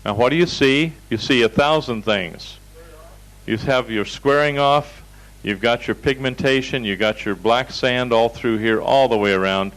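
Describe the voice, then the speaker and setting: A man's voice: medium pitch, moderate pace, fairly bright tone, low-quality recording. A man teaching a seminar over slides, telling folksy anecdotes in a direct, storytelling way. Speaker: seminar instructor.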